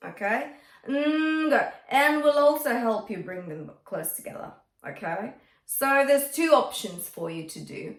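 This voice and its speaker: A woman's voice: on the high side, expressive, unhurried. A woman vocal coach teaching a singing lesson, often checking in with "okay?" as she explains technique. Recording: echoey room with faint music.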